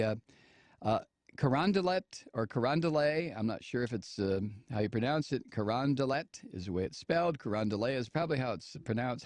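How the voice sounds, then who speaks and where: A man's voice: a little high, darkish tone, dry recording. An older man hosting a talk show, giving casual sarcastic commentary with laughing asides and frequent restarts.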